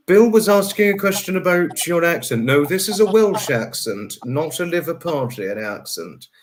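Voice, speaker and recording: A man's voice: a little high, big pitch swings, moderate pace. A man hosting a casual livestream, chatting with a guest and reading out viewer comments. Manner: chatty, repeats phrases, talks to chat viewers. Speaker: livestream host. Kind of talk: casual chat.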